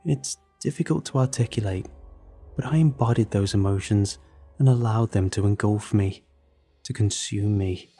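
A man with a lowish, mellow voice narrates a first-person horror story. He reads in a measured, dramatic way, with soft music playing faintly underneath. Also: breathy edge. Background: faint background music.

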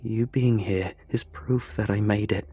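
A menacing prison inmate, as the narrator puts him on, with a low, husky voice and a calm, taunting delivery. He stays quiet and insistent, never raising his voice. Faint music plays underneath. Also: unhurried, dry recording.

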